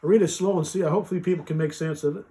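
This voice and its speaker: A man's voice: a little high, steady tone, very fast, warm tone. A man hosting a casual live vlog, rambling folksily with many fillers and restarts as he reads and explains a short scripture passage. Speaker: vlogger reading a Bible passage.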